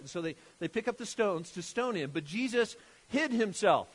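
A man preaching a sermon, emphatic and animated, often restarting his phrases. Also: high voice, moderate pace, breathy edge. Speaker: pastor.

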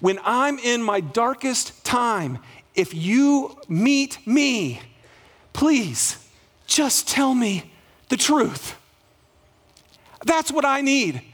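A male pastor preaching a sermon to a congregation, animated, acting out dialogue and asking the room for responses. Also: extremely high pitch.

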